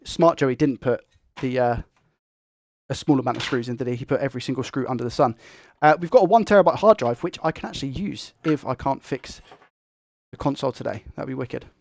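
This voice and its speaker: A young man who talks fast and excitably while hosting a tech live stream and reading viewer comments. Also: mid-range voice, vocal fry, dry recording, clean studio sound. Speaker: tech livestream host.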